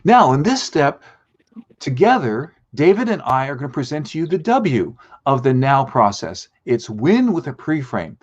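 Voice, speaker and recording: A man's voice: mid-range voice, moderate pace, highs cut off. A man hosting a live show as a speaking coach, teaching with examples and acting out the lines he quotes. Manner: animated, acts out quoted lines.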